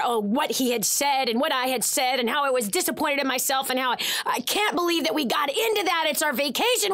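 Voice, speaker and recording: A woman's voice: high voice, a bit bright. A woman hosting a Christian talk radio show, telling a personal story with emotion and animation.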